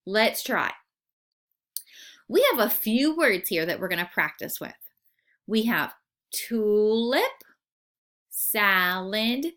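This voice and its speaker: A woman teacher giving a recorded phonics lesson for children, sounding out words slowly and asking the class questions. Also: medium pitch, a bit bright.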